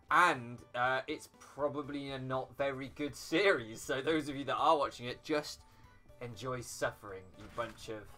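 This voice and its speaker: Young British gaming YouTuber, bright sharp voice, sarcastic rambling commentary, faint music behind. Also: male voice, mid-range voice. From Britain. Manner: rambling, sarcastic, swears, mock-outraged outbursts. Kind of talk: casual game commentary. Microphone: floor mic at first, then desk mic.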